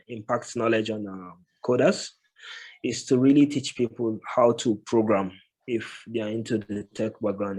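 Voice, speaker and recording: A man of medium pitch speaks as an interview guest over a call mic. He talks in a thoughtful, unhurried way and fills his pauses with "uh" as he builds each point. His tone stays conversational and steady. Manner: thoughtful, many filler pauses. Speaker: guest, tech professional. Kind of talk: casual interview answers.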